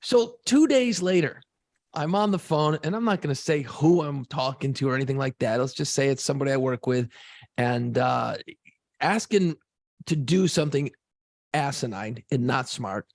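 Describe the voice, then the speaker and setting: Speaking at normal speed in a medium-pitched, slightly mellow voice, a man co-hosts a podcast, chatting casually, telling lively stories and cursing without restraint. The sound is dry and clean, like a studio.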